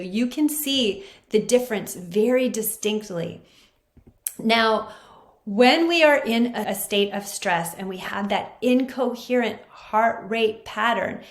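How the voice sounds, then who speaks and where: An earnest woman explains health ideas in a steady teaching voice. She stresses her main points and repeats them. The room around her adds a noticeable echo. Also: medium pitch. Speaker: naturopathic doctor hosting a skin health show. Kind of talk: teaching monologue. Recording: roomy echo.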